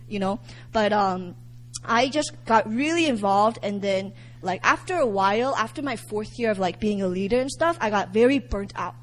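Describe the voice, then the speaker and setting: A young adult woman sharing a personal faith testimony, candid and animated, often laughing as she tells it. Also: fairly high pitch, poor audio.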